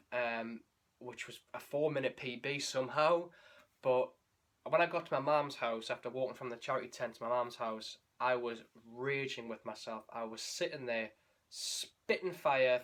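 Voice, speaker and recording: A man's voice: mid-range voice, fairly bright tone. Candid man recapping a race. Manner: candid, emotional, rambling with restarts. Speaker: running vlogger.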